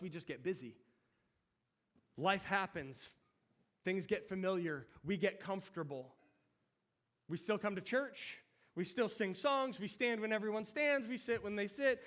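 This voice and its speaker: Male pastor, middle-aged, animated conversational preacher with a high voice. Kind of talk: sermon.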